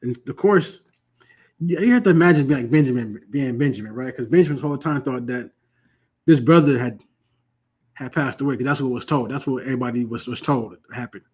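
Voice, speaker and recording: A husky-voiced man leads a Bible class at an ordinary middle pitch. He reads scripture slowly and deliberately, then slips into relaxed, slangy retelling full of asides. His voice now and then drifts away from the microphone. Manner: slow deliberate reading, then loose conversational retelling with slang. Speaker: Bible study teacher. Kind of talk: scripture reading and casual explanation.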